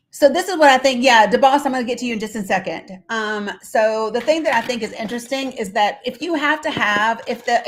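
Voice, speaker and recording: A woman's voice: mid-range voice, a little hiss or hum. A woman hosting a casual live stream, talking bluntly with lots of fillers and reading out viewer comments. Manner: chatty, blunt, with frequent fillers; reads viewer comments aloud and talks to her kids mid-stream.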